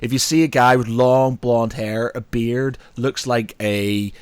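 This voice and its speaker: Animated, sweary male podcast host. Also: mid-range voice, unhurried, clean tone, dry recording. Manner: animated, swearing, laughing often. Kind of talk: casual chat.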